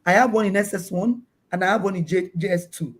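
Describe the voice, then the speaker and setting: A woman's voice: mid-range voice, quick pace. Chatty woman on a video call. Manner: animated, acts out her children's voices, repeats words while searching. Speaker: guest parent. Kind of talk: casual storytelling interview.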